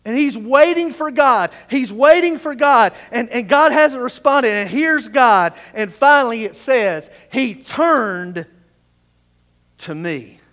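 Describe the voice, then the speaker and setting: Slow high-voiced male pastor in echoing hall. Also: expressive. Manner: emphatic preaching, swinging between hushed and raised. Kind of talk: sermon. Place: church sanctuary. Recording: long hall reverb in a church.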